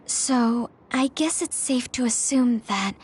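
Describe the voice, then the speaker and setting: Gentle young woman, breathy, hesitant, a little high, music under it. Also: takes it slowly. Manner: hesitant, apologetic. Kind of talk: game cutscene voice acting.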